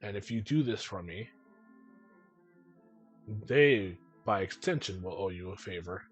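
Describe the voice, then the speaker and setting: This is a frantic, worried father who trips over his words and pleads for help, as a man voices him. His voice sits fairly low, with faint music playing underneath. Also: lively intonation, slightly rough. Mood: anxious. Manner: halting, stammering, pleading. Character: anxious middle-aged man searching for his family.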